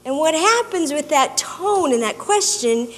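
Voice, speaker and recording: A woman giving an expressive, storytelling talk to an audience, drawing out her emphasis. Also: high voice, a little slow. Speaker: speaker. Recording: long hall reverb.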